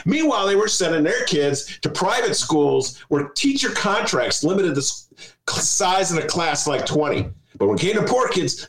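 A man's voice: medium pitch, big pitch swings, normal speed. A man hosting a talk show, chatting in a sarcastic, mocking way and laughing often. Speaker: radio show host. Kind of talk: casual comic talk show chat. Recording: roomy echo.

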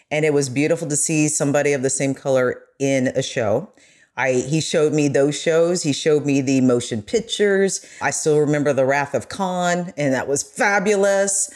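A woman's voice: low voice, darkish tone. Earnest woman journalist guest. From United States. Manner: earnest, growing emotional. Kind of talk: casual podcast chat.

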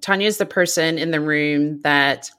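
A woman's voice: low voice, normal speed, fairly bright tone. A woman from the American South hosting a podcast interview, talking casually and praising her guest effusively with many fillers. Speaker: podcast host.

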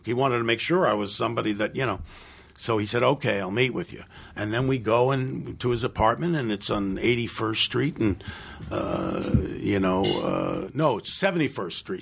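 Older man, film director, gravelly voice, a bit husky, casual interview, rambling anecdotes. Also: mid-range voice, a bit bright. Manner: rambling anecdotes with restarts and acted-out quotes.

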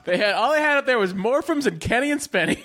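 A man's voice: extremely high pitch, lively intonation, quick pace, a crowd in the background. A man hosting a podcast, teasing and laughing along in casual chat. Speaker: podcast host. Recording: audible background noise.

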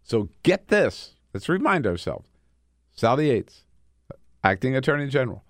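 A man's voice: medium pitch, sing-song, moderate pace, long pauses, no room sound, clean studio sound. A man hosting a political talk radio show, retelling events in an emphatic, indignant way.

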